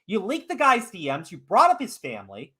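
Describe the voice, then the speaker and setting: A man's voice: sits high, huge pitch swings, a little fast, bright, forceful tone, breathy edge. A man hosting a podcast, delivering a heated, profane rant of commentary with lots of emphasis. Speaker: podcast host. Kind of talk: ranting commentary.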